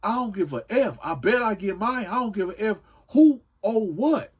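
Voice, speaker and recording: A man playing a hard, threatening male inmate in a spoken prison story, pressing his demands again and again. The voice sits high and pushy, with a lot of force behind every repeated threat. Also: lively intonation, moderate pace, breathy edge. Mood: aggressive.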